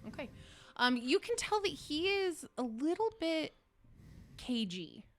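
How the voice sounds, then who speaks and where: Slow-paced woman game master. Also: high-pitched, big pitch swings. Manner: descriptive, with frequent fillers. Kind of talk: tabletop game narration.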